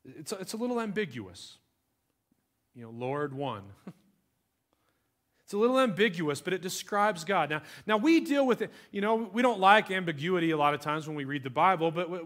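A man with a fairly high voice preaches to his congregation in a loose, talky way. He drops to quiet asides, then leans hard on key words. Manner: conversational preaching, swings between soft and emphatic. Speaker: pastor. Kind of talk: sermon.

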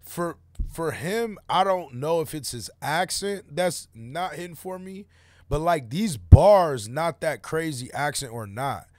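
A man talks through a track in a loose, slangy, filler-heavy way. His voice sits a touch high for a man. The sound is dry, with no room around it. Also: lively intonation, measured pace, dry recording. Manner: laid-back slangy opinions, many fillers. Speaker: music reaction host. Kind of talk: casual reaction commentary.

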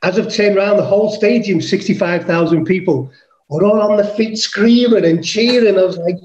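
A man's voice: high voice, normal speed, a little mellow, reverberant, lo-fi sound. A man from England, a podcast guest, telling a rowdy story with lots of swearing and acting out his own lines. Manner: swears casually, acts out his own quotes. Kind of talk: animated storytelling.

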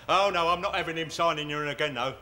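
A smug bus inspector, gloating and sarcastic in an old sitcom. His voice is bright and slightly raised in pitch. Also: quick pace. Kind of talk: 1970s studio sitcom acting.

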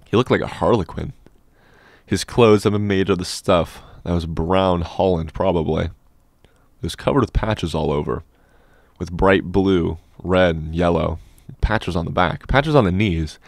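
A man narrating a classic novel as an audiobook in a measured, steady storytelling manner, close on a studio mic. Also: sits low, no echo. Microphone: dynamic studio microphone.

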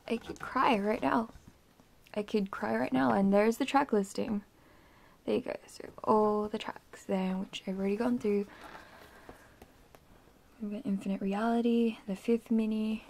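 Young woman, home unboxing vlog, gushing and whispery, some vocal fry, faint background noise. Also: mid-range voice, darkish tone. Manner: gushing, rambling, often whispering in awe. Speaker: vlogger unboxing an album. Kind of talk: excited unboxing chatter.

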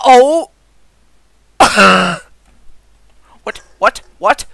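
A gaming video host giving excited let's-play commentary, chatty with viewers, giggling and yelping at surprises. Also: mid-range voice, slow pace, vocal fry, pauses often, no room sound, poor audio. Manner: chatty, talks straight to viewers.

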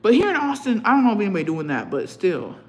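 Telling lively stories on her casual livestream, a young woman curses often and drops into Spanish now and then. She talks at a quick pace in a mid-range voice, the echoey room carrying a little hiss or hum.

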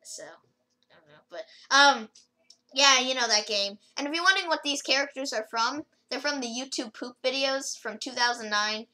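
A woman's voice: high-pitched, moderate pace, bright, forceful tone, low-quality recording. A woman rambling casually through a gameplay video, with lots of fillers and restarts as she comments. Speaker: gaming video creator.

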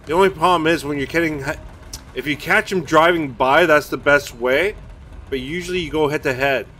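A man's voice: a little high, normal speed, bright, forceful tone, slight background noise. A father streams a tank battle game from his basement. He talks casually and self-mockingly to his chat and blurts out curses between friendly remarks. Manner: chatty, self-mocking, swears and blurts out during play. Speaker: gaming streamer. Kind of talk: casual live-stream commentary while playing. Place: home basement.

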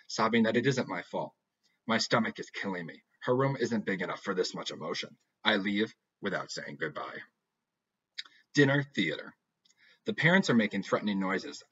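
Low, husky man narrating deadpan. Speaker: audiobook reader. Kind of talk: first-person novel narration. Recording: dull lo-fi recording.

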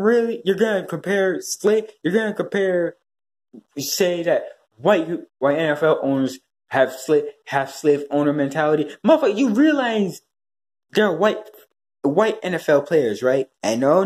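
A man ranting profanely in a commentary vlog, swinging between high yelling and low muttering. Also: very animated, normal speed. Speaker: commentary vlogger.

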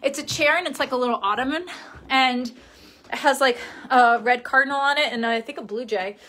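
Young New woman, chatty and giggly, livestreaming from her bedroom, pitch a touch high. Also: normal speed, fairly bright tone. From Queens, New York. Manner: chatty, giggly, talks to viewers. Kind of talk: casual livestream chat.

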